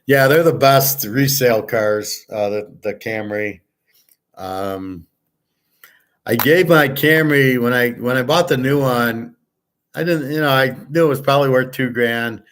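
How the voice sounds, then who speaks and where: Man from the US, live-stream host, rambling anecdotes, blunt and profane, opinionated, mid-range pitch. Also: unhurried, a bit bright. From United States. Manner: rambling and blunt, swears freely; opinionated, tells long anecdotes. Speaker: host of a sports betting picks show. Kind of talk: casual live-stream chat, reading viewer comments.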